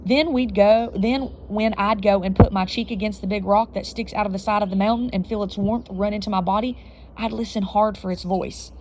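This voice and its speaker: A woman's voice: medium pitch, fairly quick, a little hiss or hum. A woman reading a children's novel aloud, telling it with expression and the odd self-correction. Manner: expressive storytelling, slight slips and self-corrections. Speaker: reader.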